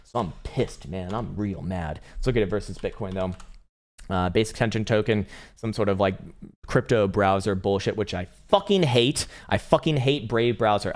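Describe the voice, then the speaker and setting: A young man talks through crypto charts on a live stream in a low, fairly deep voice. His talk is rambling and loose, full of swearing and laughter, and he breaks into high mock rants at the chat. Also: brisk. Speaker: crypto trading livestream host.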